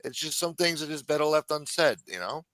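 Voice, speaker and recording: A man's voice: on the high side, a little fast, a bit bright, dry recording, poor audio. Blunt, profane male stream host. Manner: blunt, profane, exasperated storytelling. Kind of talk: casual livestream chat.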